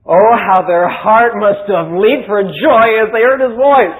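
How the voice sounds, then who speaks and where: Man, pastor, storytelling sermon, animated, conversational, fairly high voice. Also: a little slow, poor audio. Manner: animated, conversational, many asides.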